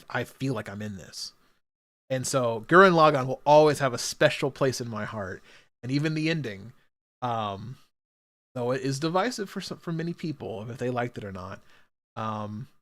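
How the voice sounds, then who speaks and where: A young man chatting casually on a live stream, rambling with many fillers and restarts and bursting out loudly when excited. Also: medium pitch.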